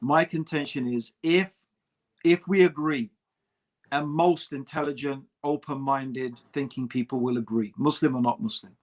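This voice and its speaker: With a mid-range voice, fairly even intonation, and a moderate pace, this man keeps a casual podcast discussion going with his co-host. He's emphatic and conversational, saying "bro" often.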